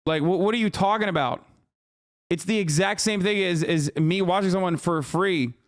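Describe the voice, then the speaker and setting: A man's voice: sits high, normal speed, dry recording, studio quality. A man in his thirties streaming live, ranting and mocking his chat with lots of profanity, combative and sarcastic. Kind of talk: live stream reaction rant.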